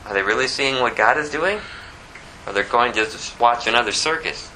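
A man preaching an expository sermon, shifting between low scripture reading and high, pleading acted prayers, with a conversational delivery full of asides. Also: normal speed, pushed and bright, a little hiss or hum, poor audio.

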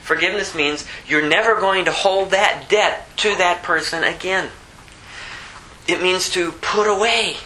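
A man preaches in an easygoing, conversational way, with a bright and somewhat high voice. He slips into the voices of the people in his stories and lifts sharply when he drives a point home. A faint background noise runs underneath. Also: poor audio. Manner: conversational, plays out the story characters in quick voices; rises high and loud when stressing a point. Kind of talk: informal sermon.

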